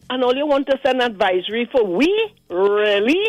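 Animated Trinidadian woman caller. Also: fairly high pitch, normal speed, few pauses, no room sound, soft background music, poor audio. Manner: animated, indignant, acts out quoted voices. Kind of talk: call-in radio commentary. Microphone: phone line.

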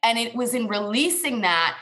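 A woman talks as a podcast guest, earnest and emotional as she recounts a painful memory. She speaks directly to the people listening, steady and sincere. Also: a little high, moderate pace. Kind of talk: candid personal storytelling.

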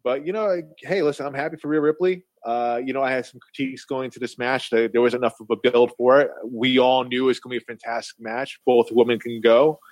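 Fast-talking man in opinionated wrestling chat. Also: medium pitch, fairly even intonation, no echo. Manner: opinionated, many restarts and fillers. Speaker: podcast co-host.

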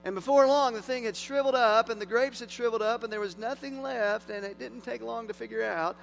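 Pastor preaching, fairly high-pitched guy, gets loud then goes quiet, low hum in the background. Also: a little fast, vocal fry. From moved to Tennessee from Las Vegas. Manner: earnest preaching, swings from loud emphasis to hushed. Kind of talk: sermon. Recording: faint mains hum.

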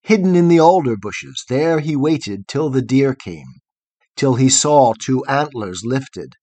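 A man's voice: medium pitch, lively intonation, measured pace, warm tone, dry recording. A man reading a long poem aloud in a rhythmic, chanting cadence. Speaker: reader. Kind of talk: poetry reading.

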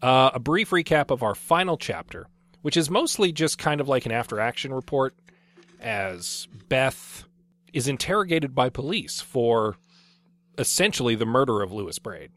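A man's voice: mid-range voice, moderate pace, no room sound. Wry man co-hosting a book podcast. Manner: wry, relaxed, fond of jokey segues. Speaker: podcast co-host. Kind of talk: casual book discussion.

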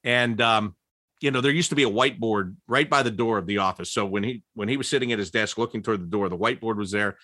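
A man telling old team stories in an interview, laughing often and jumping high in pitch when he quotes people. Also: fast, no room sound, clean studio sound. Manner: animated, laughing storyteller with big pitch jumps when quoting. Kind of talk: storytelling interview.

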